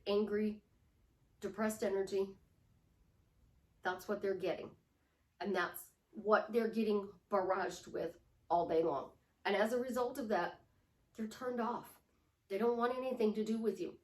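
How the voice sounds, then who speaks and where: A woman's voice: mid-range voice, fairly even intonation, a little slow, pauses often, reverberant, distant mic. A woman life coach giving a motivational talk, emphatic and repetitive, sometimes sinking to a whisper to show a point.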